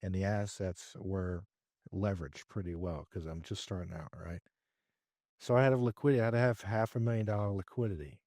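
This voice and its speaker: A man as a podcast guest, telling a business story in a lively way and acting out his own dialogue. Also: low voice, a little fast, no room sound. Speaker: podcast guest, real estate investor. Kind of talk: conversational storytelling interview.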